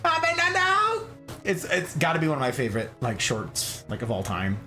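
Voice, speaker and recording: Male streamer, playful and goofy, very animated delivery, faint music under. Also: mid-range voice, brisk. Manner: playful and goofy, breaks into silly voices and catchphrases; slangy, lots of "like" fillers. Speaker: streamer hosting a plant stream. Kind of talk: casual livestream chat.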